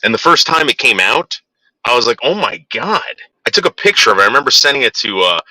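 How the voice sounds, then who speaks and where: A man's voice: medium pitch, animated, fast, sharp tone, no echo, poor audio. A man in his forties from northern New Jersey, casually telling rambling, profane stories to his viewers and acting out what people said. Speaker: vlogger.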